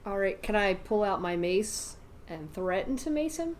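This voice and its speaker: A woman's voice: medium pitch, expressive, normal speed, a little mellow. Woman player at a tabletop rpg, chill and jokey, cusses a bit. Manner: casual, swearing, laughing easily. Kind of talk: playing a tabletop game.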